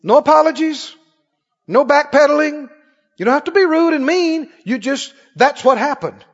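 A man pastor preaching a sermon emphatically, rising to shouts and dropping to quick asides. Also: very high voice, expressive. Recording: dull sound with long church reverb.

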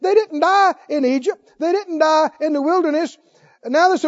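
A man's voice: extremely high pitch, moderate pace, muffled recording. A man preaching a sermon, reading scripture aloud and calling questions out to his congregation. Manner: calls out questions to the congregation, reads scripture aloud with rising fervor.

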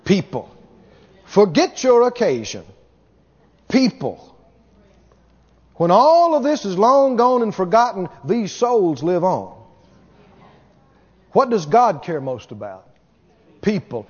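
A male pastor preaches a sermon, emphatic and repetitive, repeating key words and firing rhetorical questions at the congregation. His high, sing-song voice runs a little slow. The recording is dull, with long hall reverb.

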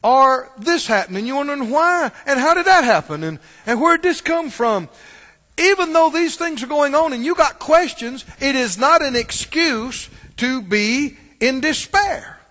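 Male preacher, folksy and animated, swooping lively pitch, long hall echo. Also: measured pace. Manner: animated, folksy, chuckling asides. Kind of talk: sermon.

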